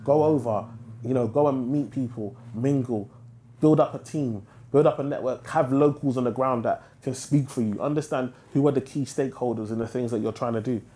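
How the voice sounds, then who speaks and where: Fast-talking British man, mellow voice. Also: mid-range voice, slight background noise. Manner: animated, slangy, emphatic. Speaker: interviewee, investor. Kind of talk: casual podcast conversation.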